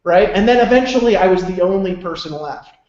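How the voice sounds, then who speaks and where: High-voiced man telling a chatty story. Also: expressive, fairly quick, darkish tone, reverberant, highs cut off. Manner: keeps asking "right?" for agreement; loose and chatty with many fillers. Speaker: webinar presenter. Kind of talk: motivational storytelling.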